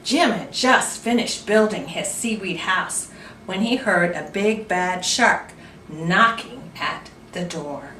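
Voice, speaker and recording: A woman's voice: lowish voice, slow, roomy sound, recorded from a distance, a little hiss or hum. A woman librarian reading a picture book aloud for children, stopping to ask listeners questions. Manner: animated, asks listeners questions. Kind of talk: children's storytime read-aloud.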